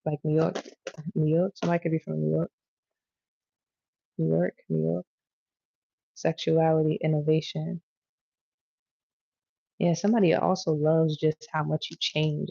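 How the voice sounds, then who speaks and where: A woman's voice: sits low, flat delivery, unhurried, gravelly, long pauses, warm tone, lo-fi sound. A woman giving a casual tarot reading to her viewers, rambling, profane and chatty as she goes. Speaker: tarot reader.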